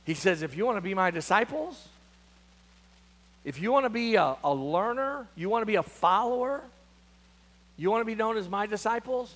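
Man, pastor, sermon, very high voice, animated pitch, emphatic, stretched key words, hushed asides. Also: normal speed, long pauses.

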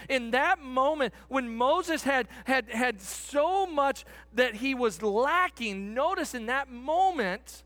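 High-voiced man preaching a sermon. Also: fairly bright tone, no echo. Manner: earnest, stretches words for emphasis, some restarts.

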